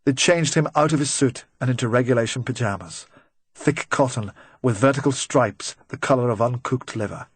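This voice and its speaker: A man narrating a crime audiobook in a measured, even storytelling manner on a close studio mic. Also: medium pitch, breathy edge, no echo. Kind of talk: scripted narration.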